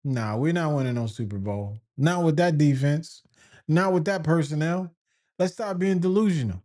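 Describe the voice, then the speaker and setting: A man's voice: a little high, normal speed, a little mellow. A man commentating as a football fan, ranting in exasperation, firing off rhetorical questions and repeating himself. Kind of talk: sports opinion rant.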